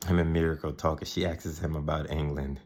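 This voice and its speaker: A man's voice: very deep voice, flat delivery, brisk, a little mellow. A man casually recapping a TV episode, rambling, laughing often and mimicking the characters. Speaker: video host recapping a TV episode.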